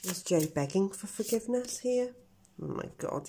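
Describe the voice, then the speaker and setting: A woman's voice: medium pitch, lively intonation, normal speed, dark tone, breathy edge. A middle-aged woman giving a tarot reading to her viewers, talking earnestly and speculating about what she senses. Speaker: tarot reader.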